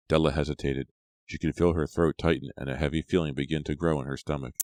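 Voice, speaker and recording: A man narrating an audiobook in a steady storytelling voice. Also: a bass voice, fairly quick, dry recording, studio quality. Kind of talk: scripted narration.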